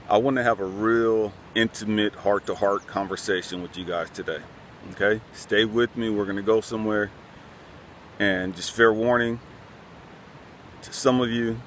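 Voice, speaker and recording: A man with a fairly low voice speaks earnestly and conversationally, as if confiding in close friends. He keeps returning to the same refrain as he talks. Faint traffic rumble sits behind him outdoors. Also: normal speed, long pauses, a bit bright. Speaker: channel host. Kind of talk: heartfelt talk to camera.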